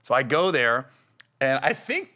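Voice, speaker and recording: A man hosting a comedy podcast in casual chat, telling quick anecdotes and laughing often. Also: medium pitch, sing-song, bright, forceful tone.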